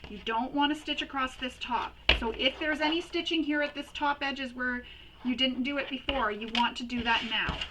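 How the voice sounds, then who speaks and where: A woman's voice: high voice, moderate pace, background noise. A woman hosting a sewing tutorial, chatty and talking through each step while she works, often recapping what was done before. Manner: chatty, repeats and recaps steps.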